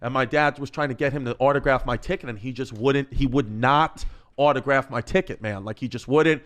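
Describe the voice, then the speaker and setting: A man's voice: mid-range voice, brisk. A man with a New York accent, telling raunchy stories on a podcast and acting out the people in them. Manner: animated, crude, acts out voices in his stories. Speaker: comedian guest. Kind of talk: podcast storytelling.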